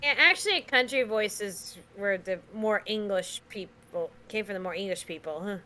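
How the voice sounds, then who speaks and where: A woman's voice: medium pitch, lively intonation, moderate pace, bright, forceful tone. A woman joining a casual movie commentary as a guest, joking and giggling.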